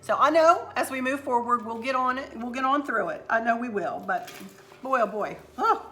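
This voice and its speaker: A woman's voice: a little high, animated, moderate pace, bright, forceful tone, faint music behind. A middle-aged woman, talking casually and rambling to her viewers at home. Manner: chatty, rambling, addresses viewers as y'all. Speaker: vlogger. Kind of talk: casual chat.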